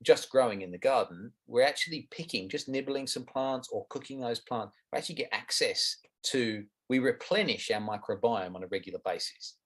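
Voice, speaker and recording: A man's voice: medium pitch, fairly quick, few pauses. A middle-aged Australian man answering interview questions about gardening, frank and explanatory. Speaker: guest gardening expert.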